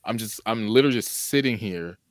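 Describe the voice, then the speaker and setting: A fairly low-voiced man muses aloud on a podcast, feeling his way through ideas with frequent restarts. The sound is dry and close-miked. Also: no echo. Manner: thoughtful, halting, restarts his sentences. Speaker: podcast co-host. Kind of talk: casual reflective chat.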